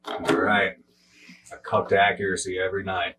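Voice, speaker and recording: A man co-hosting a podcast in casual debate chat, measured and careful not to accuse anyone. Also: low-pitched, completely flat delivery, pushed and bright. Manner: measured, cautious, fair-minded. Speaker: podcast co-host. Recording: distant mic with faint hum.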